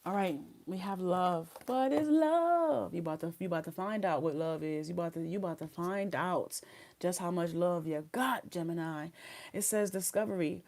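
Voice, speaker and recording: A woman's voice: lowish voice, steady tone, normal speed, a little mellow, a little hiss or hum. A woman giving a live tarot reading, chatting casually in slang and reading card messages aloud. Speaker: tarot reader.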